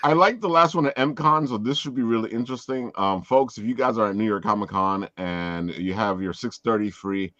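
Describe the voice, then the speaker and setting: A man hosting a casual group chat, animated and laughing often. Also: fairly low pitch, fairly quick, few pauses, no echo, dull audio. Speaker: podcast host.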